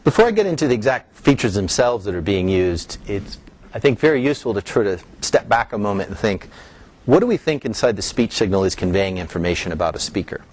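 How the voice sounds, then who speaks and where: A middle-aged man delivers an academic lecture, explaining things step by step and raising his voice on key terms, with a few restarts. His voice is lowish and a little mellow, with a bit of hiss or hum in the recording.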